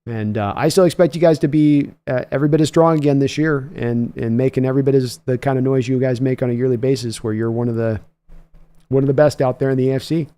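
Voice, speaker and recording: A man hosts a casual livestream and reads viewer comments aloud. His talk is chatty and loose, and he chuckles often at mid pitch. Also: steady tone, fast talker, warm tone. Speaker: host.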